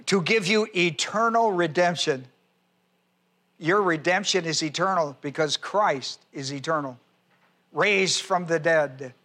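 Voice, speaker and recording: High, bright-voiced male preacher teaching. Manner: spells out words and cites scripture references in a teaching tone; repeats key phrases slowly for emphasis. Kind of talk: sermon teaching.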